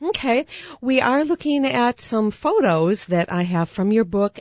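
A radio show host interviewing an author, asking polite questions with small pauses and fillers. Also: medium pitch, dry recording, highs cut off.

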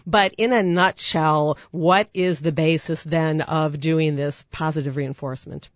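Radio host asking measured questions. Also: mid-range voice, steady tone, no echo, dull audio. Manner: polite, lightly halting questions with fillers. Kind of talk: radio interview.

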